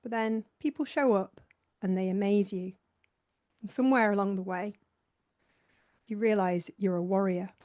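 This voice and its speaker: A woman's voice: mid-range voice, fairly even intonation, normal speed, long pauses, darkish tone. A woman hosting a live online session, talking casually through her slides in a chatty, self-mocking way and laughing often. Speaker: host presenting a slideshow.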